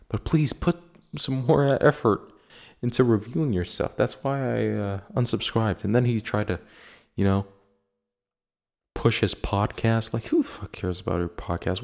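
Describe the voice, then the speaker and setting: A man's voice: fairly low pitch, vocal fry, darkish tone. A man hosting a podcast in casual chat, blunt and profane as he rants. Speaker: podcast host.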